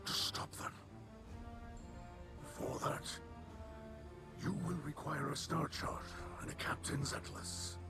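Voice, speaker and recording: An actor playing a solemn male mentor character in a video game, speaking gravely with measured words. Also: medium pitch. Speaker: in-game character addressing the Guardian. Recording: game audio played on stream with music.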